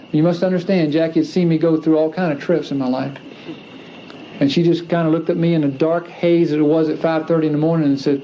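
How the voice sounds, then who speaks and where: Man, slightly high mellow voice, earnest emphatic testimony speech; muffled old recording. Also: steady tone, brisk. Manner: earnest, emphatic, repeats phrases for stress. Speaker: speaker giving a religious testimony. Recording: dull lo-fi archive recording with faint hiss.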